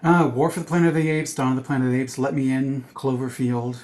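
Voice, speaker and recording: A man co-hosting a podcast, chatting casually about movies, quick to agree and rattling off lists. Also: mid-range voice, little pitch movement, darkish tone. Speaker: podcast co-host.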